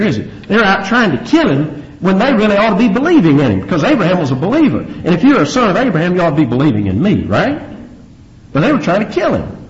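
A male pastor teaching scripture in a lively, swinging voice, his pitch pitched a little high and jumping up sharply for emphasis. He fires rhetorical questions at the congregation. The recording sounds dull and lo-fi. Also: a little fast. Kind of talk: expository sermon.

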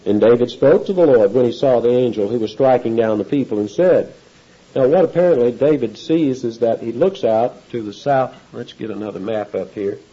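A man's voice: medium pitch, moderate pace, warm tone, slightly rough, lo-fi sound. A male pastor preaching an expository sermon in a conversational way, often putting questions to his listeners. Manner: conversational, asks the audience questions.

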